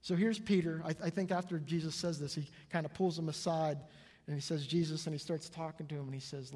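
A male pastor preaching a sermon to his congregation, telling stories with lively energy and acting out the people in them. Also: on the high side, brisk, slightly rough. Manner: lively storytelling, acts out the people in his anecdotes. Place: church sanctuary before a congregation. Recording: long hall reverb.

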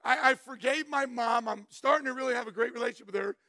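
A middle-aged man from Florida, giving a loud, emphatic testimony as a preacher, shouting for emphasis. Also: very high-pitched, quick pace, dry recording, studio quality. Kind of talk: sermon testimony.

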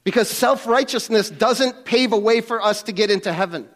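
Male pastor, higher register, emphatic sermon delivery. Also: normal speed, fairly bright tone. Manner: emphatic, rising on key points, with restarts.

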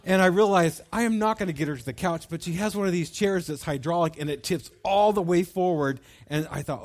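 A middle-aged man telling a personal story at a bible study, folksy and animated, with many fillers. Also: sits high, fairly quick, few pauses.

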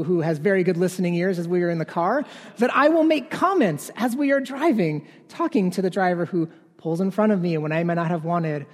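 A man's voice: sits high, darkish tone. Man in his 30s, sermon, casual tone, tag questions, long hall reverb. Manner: conversational, keeps adding "right?". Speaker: pastor.

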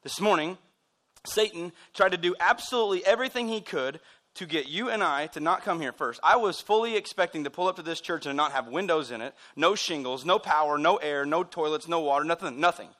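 A man preaching a sermon in a church. He is excitable and wired, and he throws in joking asides. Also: on the high side, brisk. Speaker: pastor.

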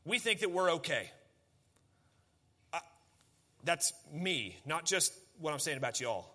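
A man's voice: fairly high pitch, big pitch swings, a little slow, sharp tone. A man, preaching a sermon as pastor in a conversational way, full of rhetorical questions and folksy asides.

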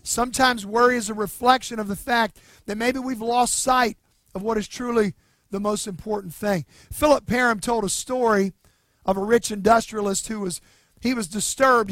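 A man's voice: high-pitched, a bit bright, dry recording. A male pastor delivering a sermon in an earnest, conversational way with casual asides, in a nearly empty church building.

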